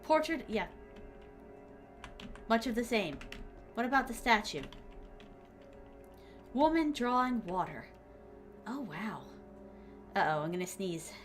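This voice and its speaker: Excitable high-voiced woman game streamer. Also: slow, long pauses, faint music behind. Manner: excitable, talks to herself and chat while playing. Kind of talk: live gameplay commentary.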